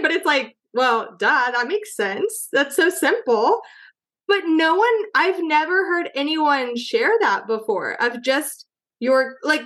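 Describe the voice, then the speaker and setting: High-voiced, gushing woman podcast host. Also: fairly bright tone. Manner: gushing and effusive, chatty. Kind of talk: casual interview chat.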